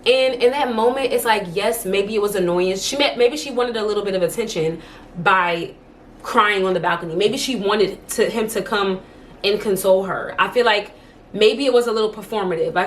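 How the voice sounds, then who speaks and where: Speaking fairly quickly in a mid-range voice, this young woman tells stories to her camera in a casual home vlog, leaning heavily on "like" as a filler. A little hiss or hum sits under the audio.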